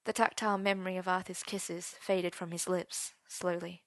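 A woman's voice: lowish voice, little pitch movement, moderate pace, no echo. A woman narrating a story aloud in an intimate, dramatic reading. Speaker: story reader.

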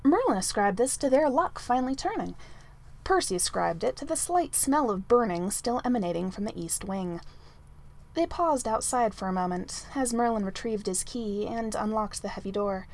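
A woman narrating a fantasy story aloud in an expressive, gently wry manner. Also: on the high side, moderate pace. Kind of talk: audiobook narration of fan fiction.

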